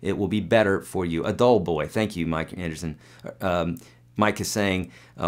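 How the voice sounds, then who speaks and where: Low-voiced chatty guitar teacher. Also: male voice, fairly quick. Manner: chatty, loose, answers viewer comments with fillers and demos. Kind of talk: live webcast Q&A.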